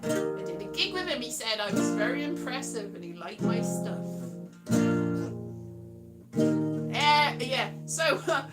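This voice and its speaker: Playful woman vlogger, high bouncy voice, unhurried, loud guitar behind. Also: lively intonation. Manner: playful, sing-song, slips into silly voices. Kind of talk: rambling comic monologue.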